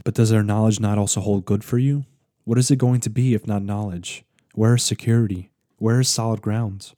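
Soul spirit, stern and ageless, read by a man: low, even delivery, dry close sound. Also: fairly quick, no echo, lightly acted. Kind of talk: dramatic reading aloud.

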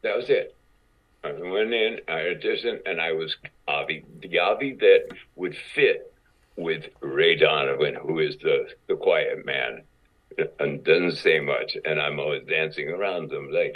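A man being interviewed as an actor guest, telling stories in a halting, casual way, often repeating words and acting out quotes. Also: rumbling low. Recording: dull lo-fi audio.

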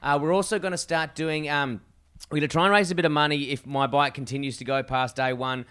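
A man's voice: a little high, a little fast, smooth. A young Australian man co-hosting a podcast, telling road-trip stories in casual, swearing chat. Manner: swearing, storytelling, animated retellings. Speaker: podcast co-host.

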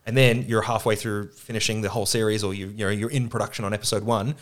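A man's voice: fairly low pitch, fairly even intonation, quick pace. A man chatting on a podcast at a table, a film producer who swears freely and tells stories with acted-out quotes. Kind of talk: casual podcast chat. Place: around a table with two others.

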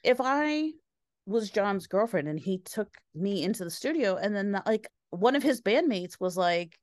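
An opinionated woman in a casual chat, her pitch leaping up and down as she makes her points. The sound is dry and close, with no room around her. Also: no echo. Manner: animated, opinionated, quick asides.

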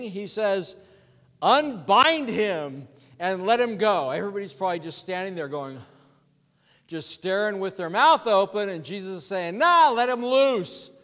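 A man preaching a sermon as a pastor, telling a story in a conversational, animated way. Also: high voice, in a large hall.

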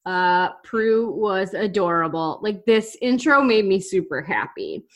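Woman, podcast co-host, casual chat, enthusiastic, chatty, mid pitch. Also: lively intonation, a little slow. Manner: chatty, enthusiastic, frequent restarts and laughs.

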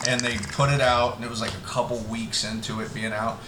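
A man's voice: lowish voice, flat delivery, fairly quick. Joking man in an echoey room. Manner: joking, teasing, laughs often. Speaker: podcast co-host. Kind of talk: casual chat. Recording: roomy with clear background noise.

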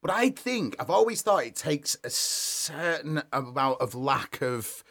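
A man's voice: a little high, big pitch swings, a little slow, fairly bright tone. A man co-hosting a casual podcast, opinionated and swearing in banter. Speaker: podcast co-host. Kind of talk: casual chat.

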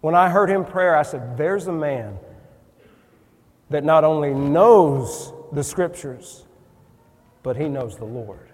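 Guy preaching in church, folksy and earnest, kinda high voice, lots of hall echo. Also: animated, slow, pauses often, a little mellow. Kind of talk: sermon. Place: church sanctuary. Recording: long reverb in a church hall.

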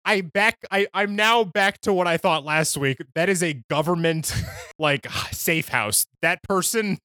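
A man's voice: sits high, unhurried, no room sound, clean studio sound. A man co-hosting a podcast in casual chat, joking and laughing as he tells stories. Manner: joking, animated storyteller with frequent laughs. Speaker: podcast co-host.

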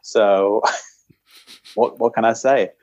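A man's voice: lowish voice, steady tone, very slow, darkish tone, no room sound, muffled recording. A man, an author, answering interview questions in a modest, chuckling manner with brief replies. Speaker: author guest. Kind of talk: casual podcast interview.

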